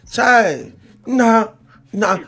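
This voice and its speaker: A man's voice: very high-pitched, extremely slow, sharp tone, husky, faint music behind. Teasing, laughing Nigerian man. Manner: teasing, laughs often, repeats the other's words back. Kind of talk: casual teasing chat in Pidgin.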